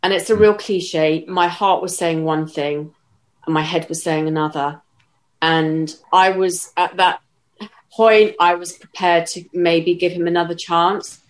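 Low voiced woman telling what happened to her, halting, steady, interview. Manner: measured, halting retelling with restarts. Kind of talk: personal account in an interview.

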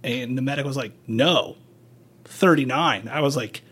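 A man's voice: medium pitch, a little slow, fairly bright tone, slightly rough. A man working as a paramedic, chatting frankly on a podcast, swearing and acting out quoted dialogue as he tells his stories. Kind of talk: casual podcast chat, storytelling.

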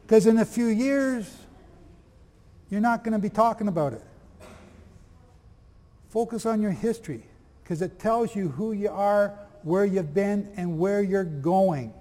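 A man teaching a lively sermon, reading aloud from old texts and firing questions at his audience. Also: high-pitched, long reverb tail. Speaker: preacher.

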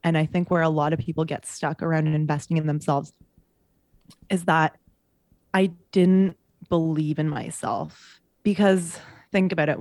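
A woman's voice: deep voice, darkish tone, no echo. A woman who works as a coach, talking in a casual podcast conversation, earnest and emphatic, making her points in repeated parallel phrases.

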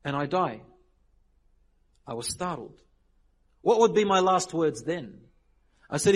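A man preaching a sermon, telling stories with lively voiced dialogue and dropping Arabic religious phrases. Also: a little high, a little fast. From Lebanon. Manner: animated storytelling, acting out quoted people. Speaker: Islamic preacher.

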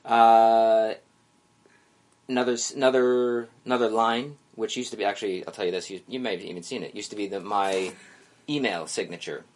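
Easygoing male interviewer, somewhat low voice. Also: fairly even intonation. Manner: easygoing, halting questions. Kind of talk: interview chat.

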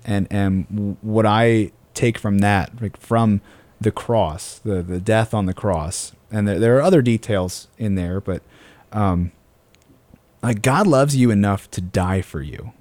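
A man in a casual faith discussion on a podcast, earnest and halting, with many restarts. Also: fairly low pitch, a little mellow, dry recording.

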